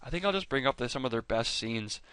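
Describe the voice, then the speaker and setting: A man's voice: medium pitch, expressive, quick pace, sharp tone, clear, resonant tone, dry recording. A man hosting a fan video, chatting casually over clips with enthusiasm, rambling and often stopping to correct himself. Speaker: fan video host ranking characters.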